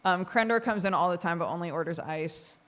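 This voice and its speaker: A woman's voice: fairly low pitch, a little fast, a bit bright. A woman streamer from Oregon chatting casually with her audience, rambling with lots of fillers and frequent laughs. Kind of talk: casual chat with chat.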